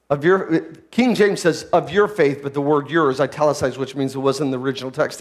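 A man preaching a sermon as pastor, swinging between loud, excited preaching and low, quiet asides. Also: fairly quick, few pauses.

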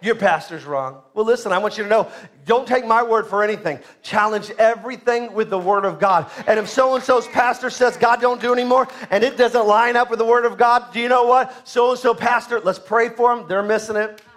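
A man preaching a sermon as pastor, emphatic, swinging between loud bursts and soft asides, asking the congregation questions. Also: very high voice, brisk.

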